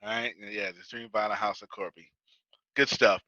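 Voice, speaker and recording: A man with a Texas accent teaches a live class in a loose, joking, folksy way. His voice is very bright and his delivery is dry and close. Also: lowish voice, fairly even intonation, normal speed, no echo, dull audio. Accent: Texas, Houston area. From United States. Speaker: business coach teaching a class. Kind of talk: casual teaching talk to a live audience.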